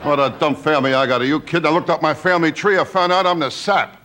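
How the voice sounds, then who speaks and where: A man doing stand-up, firing off rapid self-deprecating one-liners. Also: a little high. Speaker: stand-up comedian. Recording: noisy broadcast with loud audience.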